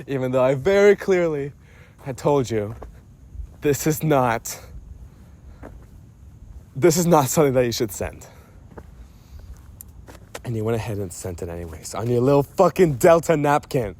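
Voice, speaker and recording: A man's voice: mid-range voice, darkish tone. A young man telling a mocking, profane story to a friend in a casual voice memo recorded on his phone. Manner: teasing and profane, breaks into laughter.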